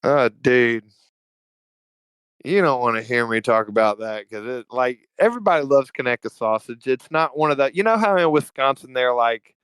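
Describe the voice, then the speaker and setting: A man with a Southern Alabama drawl chats as a podcast guest in a loose, jokey, profane way. His voice is smooth and resonant. The sound is close and dry. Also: medium pitch, fairly bright tone, no echo, low-quality recording. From Evergreen, Alabama, US. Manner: laid-back, profane, slangy, jokey. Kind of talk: casual conversational storytelling.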